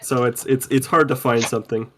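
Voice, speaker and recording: A man with a mid-pitched voice runs a tabletop game in easy, casual chat. He rambles and restarts his sentences often, dropping the odd swear word. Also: steady tone, a little fast, a bit bright, slight background noise. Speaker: game master.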